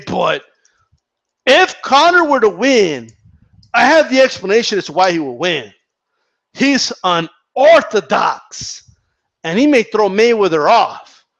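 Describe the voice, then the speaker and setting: High, creaky and fairly bright, this boxing commentator's voice carries a casual rant to camera on his own channel. He swears a lot, mocks freely, and repeats himself.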